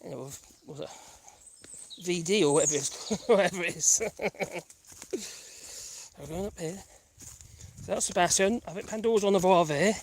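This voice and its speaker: A man's voice: high voice, unhurried, pauses often, slight background noise. A man chatting casually as he hikes a rural path with his dogs, calling out to them and chuckling often. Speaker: vlogger walking his dogs. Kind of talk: casual rambling chat while hiking. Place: rural footpath outdoors.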